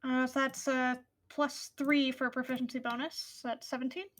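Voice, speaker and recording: A woman chats casually at a tabletop game, asking about rules and thinking aloud. Her voice sits high. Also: flat delivery, moderate pace, background noise. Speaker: player.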